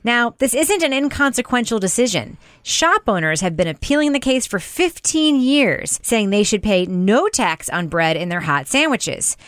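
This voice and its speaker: A woman hosting a podcast panel in casual chat, brisk and jokey, laughing often. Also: on the high side, sing-song, a bit bright, smooth, no echo, studio quality. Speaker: podcast host.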